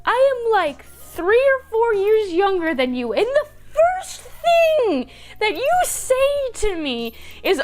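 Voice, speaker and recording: A woman's voice: very high voice, huge pitch swings, slow, darkish tone, faint music behind. A young woman vlogger telling personal stories casually, swearing freely and acting out her own reactions. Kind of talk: casual storytelling.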